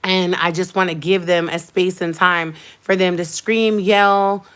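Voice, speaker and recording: A woman's voice: lowish voice, steady tone, measured pace, a bit bright, clean tone. Heated woman vlogger telling a story. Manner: heated, emphatic storytelling with repetition. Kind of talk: casual livestream chat.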